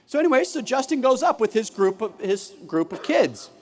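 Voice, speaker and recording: Keynote speaker, man, high and very lively voice, acts out every line of dialogue, big hall with long reverb. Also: normal speed. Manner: animated, acts out classroom dialogue. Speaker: keynote speaker, former teacher. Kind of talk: conference keynote storytelling. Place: large conference hall.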